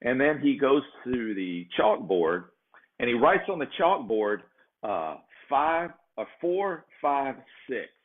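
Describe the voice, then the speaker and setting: Male host, mid pitch, easygoing anecdote teller, thin tinny recording. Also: big pitch swings, slow pace. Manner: rambling, peppers sentences with "right?". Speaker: show host. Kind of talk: casual storytelling. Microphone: checks own sound setup. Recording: phone-like narrow sound.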